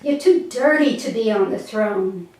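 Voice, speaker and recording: A woman's voice: fairly high pitch, slow. A woman doing a stern male chief courtier. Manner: stern, commanding, stumbling. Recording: echoey room, mic far off.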